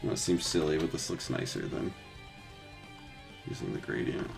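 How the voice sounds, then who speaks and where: Painting textures live on stream, a 3D artist in his thirties chats casually, rambling with frequent filler words and quick to swear and laugh. His very deep, creaky voice moves at normal speed, and there's music in the background.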